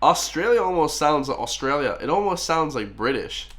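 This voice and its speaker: A man from Ireland with a softened Irish accent, hosting a reaction video in an enthusiastic, casual way and often calling viewers "guys". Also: a little high, expressive, normal speed. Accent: Irish, toned down. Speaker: reaction channel host.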